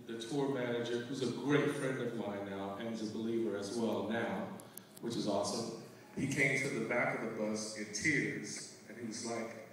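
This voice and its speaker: A man giving a lively, conversational testimony in a large church hall, heard from a distant mic. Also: mid-range voice, a little hiss or hum. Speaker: guest speaker.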